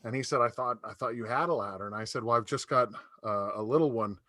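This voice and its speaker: A man's voice: medium pitch, fast talker, pushed and bright, no room sound. A middle-aged man doing a stand-up comedy set over a video call, telling rambling stories and laughing at his own jokes.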